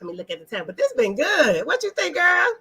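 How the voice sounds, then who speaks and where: This woman's voice sits high with big pitch swings, fast, bright and forceful, though the audio is poor. She hosts an online live talk, preaching casually and emphatically, asking the audience questions and speaking straight to the chat viewers.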